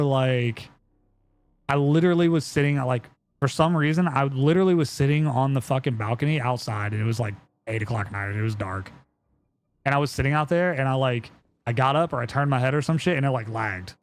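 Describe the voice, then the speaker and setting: A young man chatting casually on a live stream, telling a story in a rambling way with lots of fillers and swearing. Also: medium pitch.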